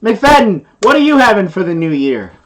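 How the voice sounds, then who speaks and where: A man's voice: high-pitched, big pitch swings, moderate pace. A man co-hosting a casual live stream, joking and bantering with viewers and his partner.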